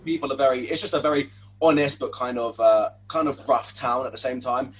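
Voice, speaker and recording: A man's voice: mid-range voice, fairly even intonation, brisk, breathy edge. An English man from near London hosting a podcast, asking questions in an easygoing, casual way. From Watford, England. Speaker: podcast host. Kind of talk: casual interview chat. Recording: dull lo-fi sound with faint hum.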